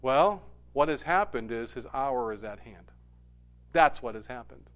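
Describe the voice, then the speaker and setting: A man preaching a sermon, animated, dropping to a hush and rising loud when he acts out quoted lines. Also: medium pitch, a little slow. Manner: animated, swings from hushed to loud when quoting. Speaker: pastor.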